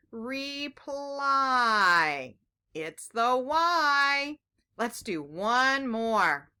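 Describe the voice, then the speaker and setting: Slow, bright-voiced woman teaching children. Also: on the high side. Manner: slow, encouraging, sing-song teacher voice. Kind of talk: children's phonics lesson.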